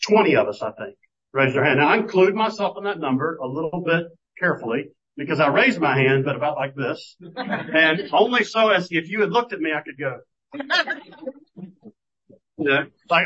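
A man preaches in an easygoing, storytelling way and often doubles back to restart a thought. His voice sits a little high and sounds husky. The recording is muffled and lo-fi. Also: lively intonation, normal speed, fairly bright tone. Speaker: pastor. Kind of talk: sermon.

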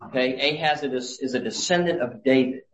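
A man's voice: mid-range voice, fairly bright tone, poor audio. A man preaching a sermon in an earnest way, often restarting his phrases as he goes. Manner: earnest, halting with frequent restarts. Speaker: pastor.

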